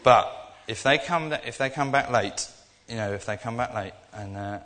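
A man's voice: medium pitch, normal speed, a bit bright. A young man giving an informal sermon, talking in a rambling, earnest way with many restarts. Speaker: preacher. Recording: echoey hall.

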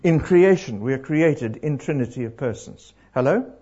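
A middle-aged man preaching to a congregation, animated and throwing questions out to the crowd. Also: medium pitch, normal speed, slightly rough. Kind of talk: interactive sermon. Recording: dull lo-fi live recording.

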